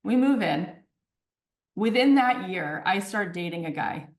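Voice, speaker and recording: A woman in her forties talks through personal stories as a podcast guest. She speaks with animated energy and keeps checking in with her listener. Her voice sits mid-range and carries a roomy echo. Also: medium pitch, a little slow, recorded from a distance. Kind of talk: storytelling in conversation.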